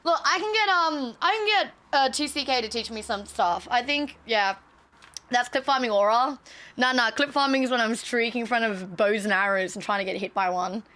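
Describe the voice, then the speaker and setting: A woman streamer chatting casually to her viewers, excitable and swearing freely. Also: on the high side, normal speed. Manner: excitable, swears a lot, talks straight to chat.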